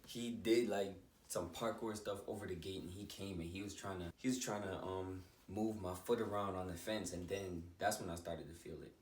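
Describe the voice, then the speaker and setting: A man with a very low voice tells a childhood story in a casual vlog, lively and laughing as he acts out what happened. He sits back from the mic in an echoey bedroom, with faint music playing under his voice. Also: normal speed, few pauses, distant mic, slight background noise. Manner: animated, laughs often, acts out scenes. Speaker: vlogger. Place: indoor room, bedroom.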